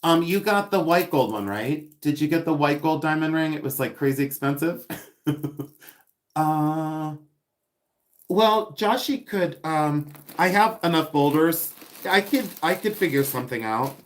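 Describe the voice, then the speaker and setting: This live-stream seller and host has a slightly high voice with lively intonation and an unhurried pace. Unboxing items on a casual stream, he chats and giggles, reads comments aloud, and playfully repeats words.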